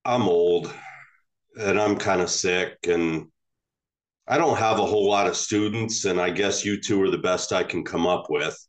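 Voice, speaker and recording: A man voicing an old, ailing male Zen master who speaks earnestly and pleads with halting restarts in a retold teaching story. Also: low voice.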